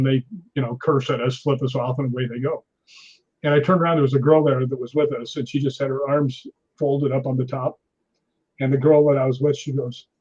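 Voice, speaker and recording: Male guest, husky and a touch high, animated raconteur, dull lo-fi recording. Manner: animated, acts out quotes, laughs often. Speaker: guest storyteller. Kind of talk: casual anecdote telling. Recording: dull lo-fi sound.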